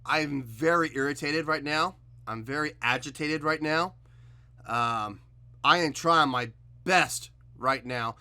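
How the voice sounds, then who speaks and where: A man's voice: a little high, slow pace, sharp tone, clear, resonant tone. A man hosting a music reaction video, giving blunt and exasperated commentary straight to the camera.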